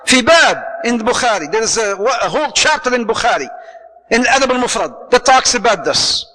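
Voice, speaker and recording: A man giving a lively marriage lecture to an audience, acting out little dialogues and mixing in Arabic phrases. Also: very high-pitched, fairly quick, in a large hall, poor audio. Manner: animated, acts out dialogue, mixes Arabic phrases, joking. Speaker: Islamic speaker.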